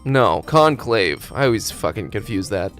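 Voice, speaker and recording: A man live-streaming a game, ranting loudly with heavy swearing, then dropping into muttering. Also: fairly low pitch, moderate pace, faint music behind. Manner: loud profane ranting; animated, swings from loud to muttering. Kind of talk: casual live-stream chat.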